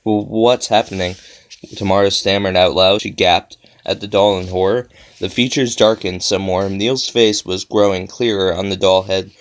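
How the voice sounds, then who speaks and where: A man narrating a children's horror story with steady storytelling. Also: sits low, moderate pace, hardly any pauses, smooth. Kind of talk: reading a horror story aloud.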